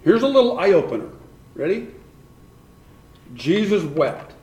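A man's voice: high voice, sing-song, unhurried, dark tone. A man preaching a sermon who keeps questioning his congregation and repeats points for emphasis. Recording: echoey room.

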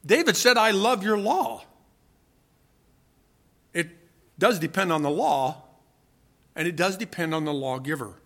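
A man's voice: high voice, expressive, unhurried, pauses often, fairly bright tone. A man preaching a sermon to his congregation, emphatic and full of rhetorical questions. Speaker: pastor.

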